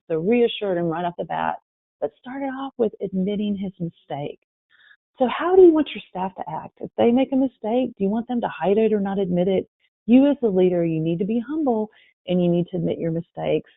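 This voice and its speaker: A woman presents a webinar, telling workplace stories with lively quoted voices. Her voice comes through a thin, phone-like line with no room sound at all. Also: fairly low pitch, a little fast, no room sound. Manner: lively storytelling, acting out quotes. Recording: tinny phone-line audio.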